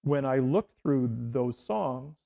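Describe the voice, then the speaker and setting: A man's voice: mid-range voice, animated, takes it slowly, vocal fry, warm tone, lo-fi sound. A middle-aged man from Canada, a former radio host, telling rambling anecdotes in an interview with many restarts and fillers. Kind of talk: casual interview storytelling.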